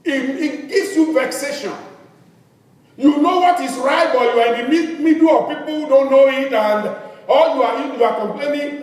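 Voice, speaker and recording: A man's voice: extremely high pitch, normal speed, a little mellow. A male pastor preaching a sermon, asking the congregation questions as he reads scripture. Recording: echoey hall, distant mic.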